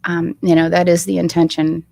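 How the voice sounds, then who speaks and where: Woman author guest, low-ish gravelly voice, earnest, heartfelt delivery. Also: flat delivery, a little fast, warm tone. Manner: earnest, heartfelt storytelling with many ums. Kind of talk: live interview conversation. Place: live online show.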